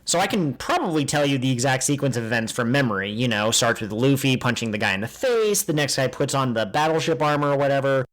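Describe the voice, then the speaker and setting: A man co-hosting a podcast, retelling scenes with excited, animated energy in casual chat. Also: medium pitch, fast talker, few pauses. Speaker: podcast co-host.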